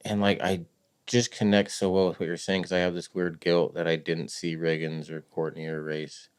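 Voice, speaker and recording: A man hosting a podcast, speaking in a soft, reflective way about grief. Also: low-pitched, flat delivery, moderate pace, clear, resonant tone. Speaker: podcast host. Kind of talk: conversational interview.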